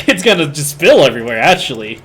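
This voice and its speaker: Bright, giggly streamer playing a game. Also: mid-range voice, very animated, fairly quick, a little hiss or hum. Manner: giggly, laughing between remarks. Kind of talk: casual gameplay chat.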